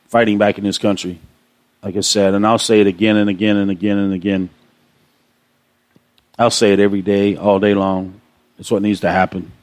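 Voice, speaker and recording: A man's voice: fairly low pitch, dry recording. A man hosting a radio show, delivering an aggravated, impassioned monologue full of repetition. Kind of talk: ranting monologue.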